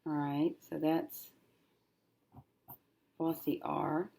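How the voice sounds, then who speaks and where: A woman teacher working through a syllable-division lesson, thinking aloud and slowly sounding out each syllable as she writes. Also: sits low, flat delivery, creaky, warm tone. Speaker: reading teacher.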